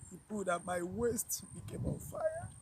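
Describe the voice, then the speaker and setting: A woman tells a personal story to her viewers, emotional and near tears, halting and repeating herself with sighs. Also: mid-range voice, huge pitch swings, noisy background. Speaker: vlogger.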